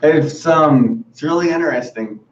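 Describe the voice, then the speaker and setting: A man's voice: fairly high pitch, moderate pace. Giggly kinda shy guy on a video call, far from the mic, echoey and muffled. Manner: upbeat, giggly, a little shy. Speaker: interview guest. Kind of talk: casual interview. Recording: distant, dull, echoey call audio.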